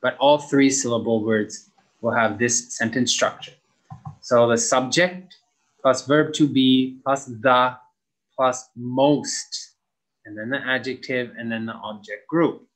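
A young adult man teaching an English grammar lesson, slowly stretching out key words as he models them for students. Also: medium pitch, fairly even intonation, a bit bright, low-quality recording.

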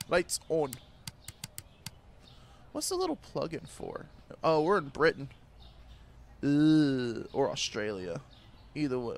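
A man's voice: a little high, vocal fry, a little hiss or hum. A man giving crude, joking commentary while playing a game, trash-talking the characters on screen and laughing often. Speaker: gaming YouTuber. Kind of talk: gameplay commentary.

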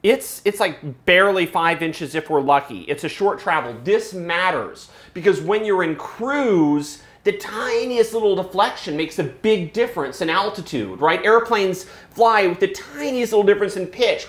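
A man's voice: high voice, expressive, normal speed, hardly any pauses, a bit bright. A man hosting a casual product review, chatting at length and explaining things, often breaking into laughs. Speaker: host reviewing flight sim gear. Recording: roomy echo.

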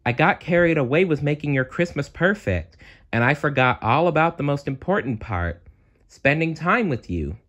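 Storybook read-aloud: a man doing an earnest young queen, pitched well up and lively. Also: moderate pace. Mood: apologetic. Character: young adult ice queen, older sister, eager.

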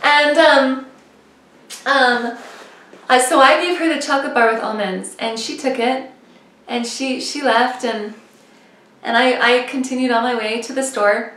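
A woman vlogger telling a personal faith story in an animated, self-mocking way, with quick asides. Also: high-pitched. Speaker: religious vlogger. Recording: echoey room, mic at a distance.

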